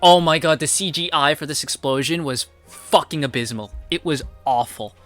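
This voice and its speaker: Bright, profane young man recapping a show. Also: a little high, moderate pace, faint music behind. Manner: profane, blunt, rambling with fillers. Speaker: TV episode reviewer. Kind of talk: casual recap monologue.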